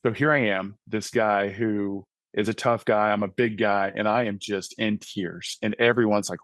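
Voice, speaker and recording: A man with a fairly low voice recounts his own life story as a podcast guest, earnest and conversational, often tossing in a quick "right?". The sound is dry and close, with no room echo. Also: steady tone, a bit bright. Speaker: podcast guest, author and mentoring ministry founder. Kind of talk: personal testimony in casual conversation.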